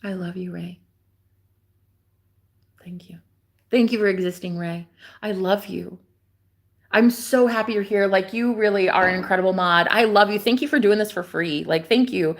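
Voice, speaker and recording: A young woman livestreaming from a backyard, talking in an excitable, gushing way that jumps between loud exclamations and hushed whispers. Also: medium pitch, moderate pace. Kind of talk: casual livestream chat. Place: outdoors in a backyard.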